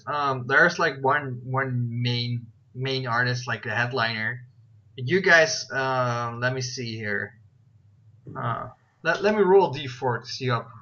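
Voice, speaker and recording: A man's voice: mid-range voice, sharp tone, muffled recording. A man running a tabletop game as game master, rambling with lots of fillers and restarts. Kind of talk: casual tabletop game narration.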